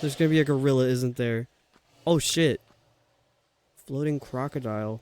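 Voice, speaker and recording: A man's voice: medium pitch, normal speed, pauses often, a little mellow, slight background noise. A man streaming a video game live, talking to himself and his viewers in a grumbling, exasperated way. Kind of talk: live gameplay commentary.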